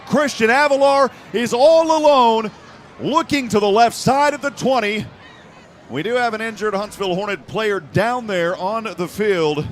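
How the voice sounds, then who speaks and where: A man calling a live high school football game play by play, shouting excitedly at big plays. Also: slight background noise. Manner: excited shouting calls, fast and rising. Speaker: play-by-play announcer. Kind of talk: live sports commentary.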